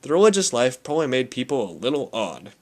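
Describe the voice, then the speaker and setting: A young man reading a comic novel aloud as an amateur audiobook. His mid-range voice rises and falls a great deal, giving the narration an animated, expressive feel. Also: medium pitch, quick pace. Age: young adult. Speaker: audiobook reader.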